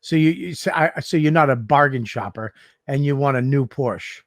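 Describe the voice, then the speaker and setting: In a studio-quality recording free of room sound, this podcast co-host speaks at medium pitch and a moderate pace. He chats casually, spinning animated, foul-mouthed stories and doing mock voices.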